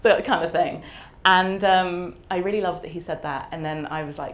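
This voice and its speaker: A woman's voice: on the low side, brisk. A woman author, talking candidly and reflectively at a live event, with lots of fillers and easy laughter. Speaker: author guest. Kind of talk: candid conversational interview.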